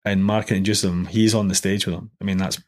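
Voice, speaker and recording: A man's voice: low voice, flat delivery, fast talker. Chatty man telling stories. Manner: chatty storyteller with many fillers and restarts. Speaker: guest. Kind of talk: casual podcast chat.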